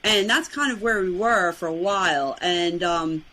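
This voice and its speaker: Fast-talking Brooklyn woman, bright voice. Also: on the low side, poor audio. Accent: New York. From Brooklyn, New York. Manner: fast, chatty, laughs often. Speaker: podcast guest. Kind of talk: casual interview chat.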